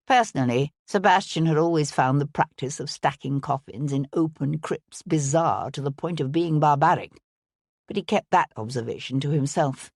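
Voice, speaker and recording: A woman narrating an audiobook in an even, measured reading style. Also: low-pitched, no room sound, clean studio sound. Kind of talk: scripted narration.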